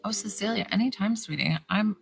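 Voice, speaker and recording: A woman's voice: mid-range voice, a little fast, vocal fry, rough recording. A woman, a psychic healer, chatting casually and bubbly on a live stream, greeting viewers by name. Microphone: phone camera. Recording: live stream with music playing behind. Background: music.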